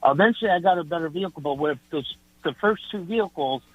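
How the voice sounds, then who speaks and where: A male radio caller telling a story over the phone, halting and restarting as he goes. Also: fairly high pitch, lively intonation, dry recording. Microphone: phone line. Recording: tinny phone line.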